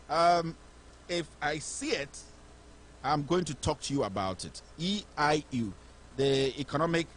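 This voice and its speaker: A man's voice: medium pitch, fairly bright tone, a little hiss or hum. A man with a Ghanaian English accent giving impassioned, indignant political commentary as a show host. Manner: indignant, rhetorical, fiery.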